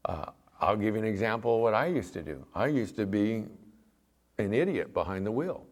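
A man's voice: fairly low pitch, animated, moderate pace. A middle-aged man preaching a sermon, talking in a conversational, folksy way and telling stories from his own life. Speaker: pastor.

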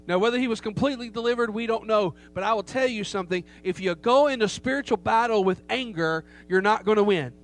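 This middle-aged pastor talks fast in a high-pitched voice with hardly any pauses, emphatically telling a story in his sermon and asking the congregation rhetorical questions. A faint hum runs behind him.

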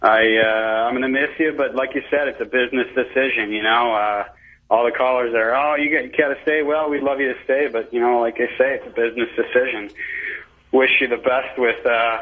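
A man's voice: medium pitch, steady tone, fairly quick. A man calling in to a radio show, chatting in an easygoing way. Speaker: caller. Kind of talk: call-in phone call. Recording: tinny phone line.

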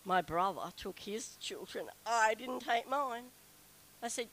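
Bright, chatty woman storyteller. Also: slow pace, a little hiss or hum, poor audio. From Australia. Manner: chatty, animated, acts out quoted whining in a high voice. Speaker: speaker telling a story to a group. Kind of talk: personal anecdote to an audience.

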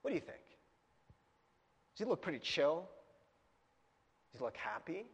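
A man's voice: fairly high pitch, sing-song, normal speed, slightly rough, big-room sound, dull audio. A man preaching a casual, chatty sermon as pastor, asking his small audience questions and laughing often. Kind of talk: conversational sermon. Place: church hall with a projector.

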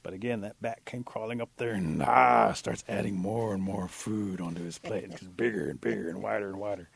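A man telling a traditional animal folktale in a folksy, unhurried way, with sudden pitch jumps for emphasis. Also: fairly even intonation, vocal fry, darkish tone, slightly rough. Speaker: storyteller. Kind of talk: oral folktale storytelling.

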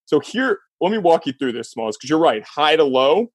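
A man's voice: a little high, big pitch swings, normal speed, slightly rough, dry recording. Guy podcast host telling a story, laughs mid-sentence, dry close mic. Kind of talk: casual sports chat.

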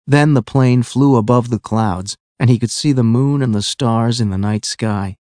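A man narrating a graded-reader audiobook in a clear, measured way. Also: medium pitch, darkish tone, no echo.

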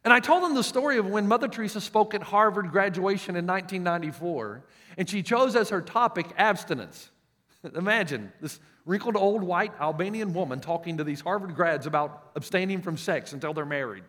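A man's voice: high voice, lively intonation, a little fast, a bit bright. A male pastor with a Southern US accent preaching a sermon, telling stories emphatically and often restarting his words. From United States. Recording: long reverb of a large hall.

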